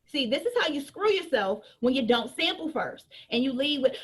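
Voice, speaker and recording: A woman's voice: high voice, big pitch swings, normal speed. A woman giving an emphatic, joking business training talk, repeating her points and preaching to her team.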